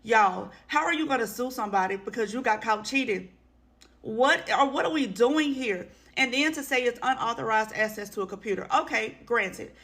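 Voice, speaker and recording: A woman hosts drama commentary in a casual, conversational way, often sounding exasperated as she talks straight to her viewers. Her voice sits slightly high for a woman. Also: lively intonation, normal speed, fairly bright tone. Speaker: commentary host.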